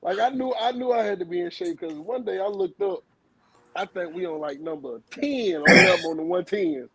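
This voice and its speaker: A man, a former college football player, telling profane, animated stories among old teammates in casual chat. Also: high voice, a little fast, gravelly, slight background noise. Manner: animated, profane, laughing storyteller.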